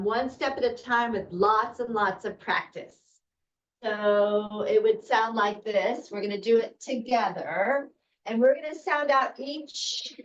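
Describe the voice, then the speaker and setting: A woman teacher demonstrating a reading routine, deliberate and encouraging. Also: a little high. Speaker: first grade teacher. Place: school room presenting to parents. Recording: roomy, distant, dull sound.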